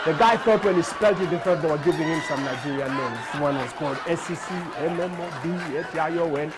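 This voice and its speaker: A middle-aged man from Uganda with a Ugandan accent, telling stand-up comedy stories with animated, constant voice switching. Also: a little high, fast talker, hardly any pauses, noisy background. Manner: animated, frequent voice switching and laughter.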